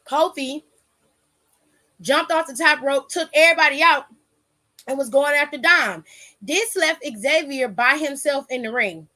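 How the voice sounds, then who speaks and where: A woman hosting a podcast casually recaps a wrestling match, quoting dialogue and swearing a little. She speaks at a measured pace with frequent pauses, in a high voice that's pushed and bright.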